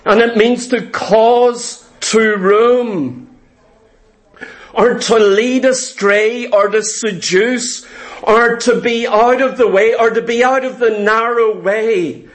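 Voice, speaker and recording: A man preaching a sermon, emphatic and deliberate, repeating phrases for stress. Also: high voice, fairly even intonation, low-quality recording. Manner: slow, deliberate delivery.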